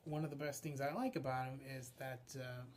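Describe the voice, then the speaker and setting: A young adult man, a puppeteer and voice actor, explaining his craft informally and haltingly, often restarting his sentences. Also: medium pitch, fairly even intonation, a little mellow, slight background noise. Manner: halting, restarts sentences, frequent filler sounds.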